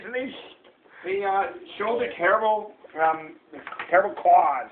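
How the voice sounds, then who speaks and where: At a measured pace, a high-pitched man reads a picture book aloud to his little son, with a little hiss or hum in the audio. The tinny, phone-like home recording catches him coaxing and playful, pausing to point at the pages and give animated roars.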